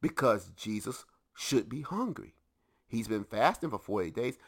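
A man's voice: lowish voice, big pitch swings, unhurried, vocal fry. A man preaching a teaching sermon to a congregation, emphatic and often putting questions to his listeners.

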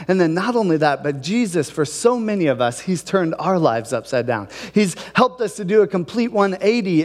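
High-voiced man preaching in a reverberant hall. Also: a little mellow. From Ohio. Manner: conversational, asks the congregation questions. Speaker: pastor. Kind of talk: sermon.

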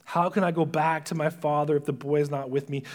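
A male pastor preaching a sermon, retelling a story dramatically and dropping to hushed whispers at its emotional moments. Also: on the high side, fairly even intonation, a little fast.

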